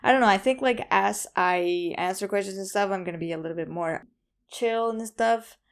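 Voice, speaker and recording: A woman's voice: medium pitch, normal speed, clean tone. A young woman hosting a casual solo podcast, rambling with lots of ums and likes, a bit anxious and self-conscious. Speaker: podcast host.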